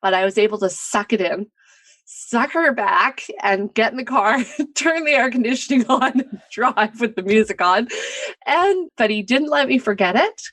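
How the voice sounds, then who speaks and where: A woman's voice: a little high, expressive, moderate pace, a bit bright, dry recording. Candid, laughing woman on a podcast. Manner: candid, laughs often, quotes people in a lifted voice. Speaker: podcast guest. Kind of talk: casual podcast conversation.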